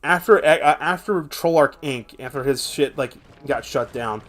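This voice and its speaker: A young man streams a game and tells long, meandering stories packed with swearing and filler. His voice is fairly high and his pace measured, and he narrates in a rambling, profane, animated way. It's casual gameplay chat mixed with storytelling.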